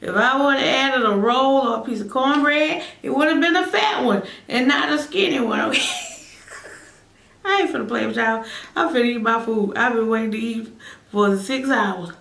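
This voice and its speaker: A woman's voice: a little high, normal speed, creaky, fairly bright tone, far from the mic. A woman hosting an eating vlog, chatting playfully, humming and savoring between bites. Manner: playful, teasing, talks while chewing with lots of mm sounds. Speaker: mukbang host. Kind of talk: casual eating vlog chat. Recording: roomy sound from off-mic with faint ambience.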